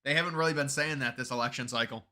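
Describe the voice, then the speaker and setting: A man hosts a casual live stream, his voice very bright and forceful at an even, middling pitch. He rambles and restarts, dropping sarcastic asides. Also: fast. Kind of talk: casual political commentary stream.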